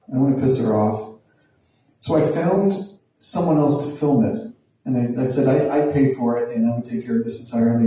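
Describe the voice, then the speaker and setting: Dark-voiced man telling a stand-up story in an echoey room. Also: medium pitch, recorded from a distance. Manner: wry, self-deprecating, conversational. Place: small theatre room.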